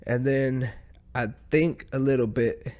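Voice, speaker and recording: Slow, easygoing man telling a story. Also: medium pitch, steady tone, a little mellow. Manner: profane, rambling, chuckling through his own story. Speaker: podcast host. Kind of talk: casual storytelling.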